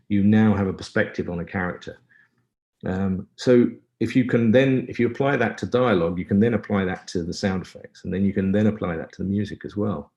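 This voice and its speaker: A man's voice: sits low, darkish tone. A man who composes for film, answering questions in a webinar in a reflective, wry and self-deprecating way over a video call. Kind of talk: webinar Q&A talk.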